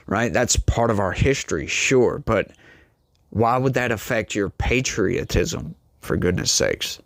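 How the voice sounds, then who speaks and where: A man's voice: on the low side, dry recording. Emphatic male political commentator, dry sound. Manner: emphatic, preachy, talks straight to the audience with "folks" and "y'all". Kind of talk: opinionated political commentary monologue.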